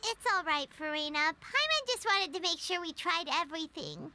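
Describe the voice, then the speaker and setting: Paimon, a squeaky tiny companion. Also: female voice, big pitch swings, normal speed, background noise. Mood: disappointed. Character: tiny floating girlish companion, chirpy and pushy. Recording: game music under the voice. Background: game music.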